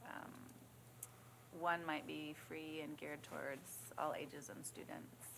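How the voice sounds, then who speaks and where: Woman commissioner giving a rambly upbeat report, real low voice. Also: little pitch movement, slow, gravelly, background noise. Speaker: city commissioner. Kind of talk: committee report at a public meeting.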